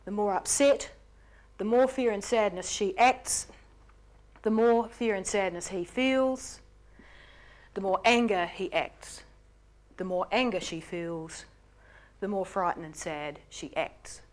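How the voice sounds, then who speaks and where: A woman with a mid-range voice delivers an explanatory lecture. Her delivery is lively, jumping up in pitch to stress key words. She acts out the lines she quotes in character. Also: slow pace, pauses often.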